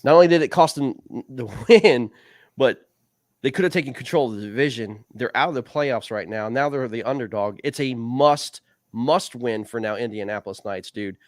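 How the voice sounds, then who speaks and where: A man's voice: mid-range voice, normal speed, dry recording, clean studio sound. Rambling male league show host. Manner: rambling, repeats "man" and "dude". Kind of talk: casual league recap talk.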